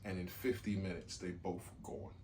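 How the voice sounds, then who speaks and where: A man's voice: low-pitched, moderate pace, darkish tone, a little hiss or hum. A man co-hosting a podcast, talking casually in a rambling way, repeating himself and swearing now and then. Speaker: podcast co-host. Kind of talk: casual chat.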